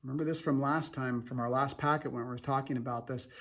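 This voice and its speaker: A young adult male teacher reading a novel aloud to students, stopping for casual, halting explanations. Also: mid-range voice, fairly even intonation, a bit bright.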